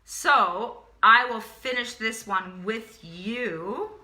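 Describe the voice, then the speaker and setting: A woman's voice: a little high, drawn-out words, bright, forceful tone, roomy sound. A woman teaching a drawing lesson, chatty and encouraging, repeating words to herself as she draws. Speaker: art teacher. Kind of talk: drawing tutorial, talking while working.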